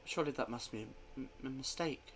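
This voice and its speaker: A man voicing a young woman just woken from a nap, halting and stammering as she questions a friend in a tabletop role-play. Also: medium pitch, fairly bright tone, slight background noise, voice pushed up, natural voice. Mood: confused. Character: young woman roused from a nap, gentle and shaken.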